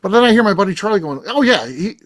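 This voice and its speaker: A middle-aged man hosting a podcast, telling a rambling story in casual chat, animated and swearing freely. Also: high voice, fast talker. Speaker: podcast host.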